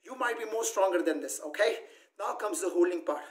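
A man's voice: high voice, expressive, a little fast. A man leading a yoga class, calling out poses and counting holds in a firm, coaching way. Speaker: yoga instructor. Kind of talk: live yoga class instruction. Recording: roomy echo, voice from far off.

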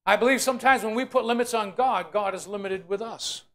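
A pastor preaching a sermon in church, swinging between quiet, low passages and loud, climbing emphasis as he acts out complaining voices. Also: fairly quick. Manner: preaching with rising shouted emphasis, acting out complainers. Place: church sanctuary.

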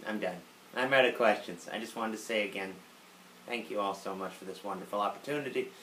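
A man's voice: fairly low pitch, fairly quick, a bit bright. Self-mocking male gaming host, casual Q&A, roomy sound. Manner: sarcastic, self-mocking, swears freely. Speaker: YouTuber host. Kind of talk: casual viewer Q&A. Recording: roomy room with faint noise.

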